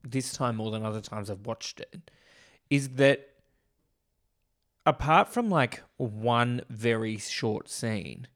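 A man co-hosting a relaxed podcast about an old movie. He talks in an animated, chatty way and tosses off quick jokey asides. His pitch sits in an ordinary middle range for a man. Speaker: podcast co-host. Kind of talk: casual film discussion chat.

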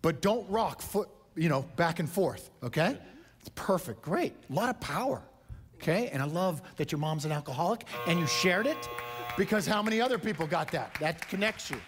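A man's voice: a little high, animated, moderate pace, over music, a crowd in the background. A man coaching a speaker with emphatic, punchy feedback, often checking in with "right?". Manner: emphatic, punchy, repeats "right?" and "you understand?". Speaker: speaking coach judging a contestant.

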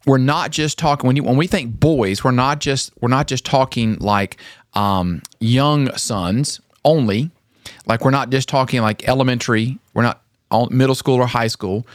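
A man's voice: mid-range voice, normal speed, no room sound, studio quality. A man co-hosting a casual Christian podcast, earnest and enthusiastic, with frequent fillers and restarts. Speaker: podcast co-host.

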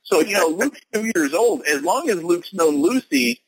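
A man co-hosting a podcast, telling stories in an excitable way and laughing often, with a husky voice. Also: sits high, normal speed, dry recording, low-quality recording. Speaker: podcast co-host. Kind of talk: casual podcast chat.

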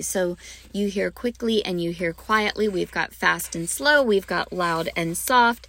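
A woman's voice: lowish voice, a little slow, a bit bright, no echo. Bubbly woman music teacher, dry close mic. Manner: bubbly, gushing, lots of ums. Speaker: podcast host, music teacher. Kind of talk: enthusiastic teaching talk.

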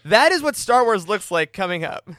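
A man hosting a casual fan podcast, quick and jokey, running the chat and wrapping up the show. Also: sits high, very animated, fairly bright tone, no echo, clean studio sound. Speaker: podcast host.

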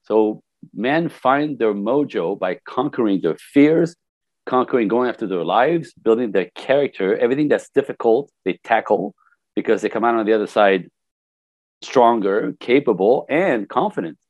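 Here an older life coach, mid-range in voice and speaking at normal speed, gives a casual interview. The audio is dull with no room sound, and he livens his stories by playing out others' words.

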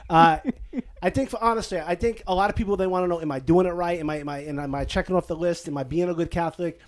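A man, a Catholic priest hosting a podcast, giving animated, playful advice and slipping into a put-on Italian-American lilt. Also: sits high, fast. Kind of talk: casual podcast advice chat. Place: basement living room at home.

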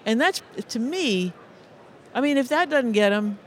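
High-voiced middle-aged man, earnest storyteller. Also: expressive, a little slow, a bit bright, a little hiss or hum. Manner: earnest, with frequent restarts and repeated words. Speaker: music educator. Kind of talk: conversational interview storytelling.

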